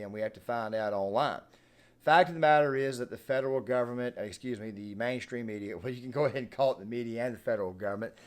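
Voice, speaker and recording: Man, political commentary, emphatic, animated, lots of fillers and restarts, mid-pitched voice. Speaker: political commentary channel host.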